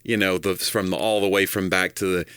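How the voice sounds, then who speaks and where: A man's voice: deep voice, fairly even intonation, fairly quick, fairly bright tone, clean tone, dry recording, clean studio sound. A man in his fifties, a podcast co-host chatting casually and telling jokes with a laugh. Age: 50s. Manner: laughing storyteller who tells jokes. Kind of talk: casual chat.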